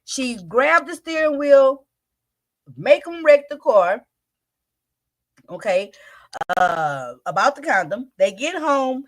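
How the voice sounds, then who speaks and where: High-voiced woman recapping a story. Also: fairly bright tone. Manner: blunt, profane, incredulous. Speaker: storytime host recapping a clip. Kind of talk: casual commentary.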